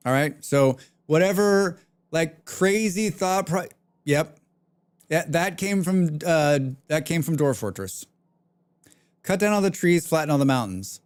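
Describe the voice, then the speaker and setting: A man's voice: a little high, lively intonation, a little slow, clean tone. A man livestreaming a game, chatting casually and rambling with plenty of swearing while reacting to chat. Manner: rambling, profane, reads chat aloud.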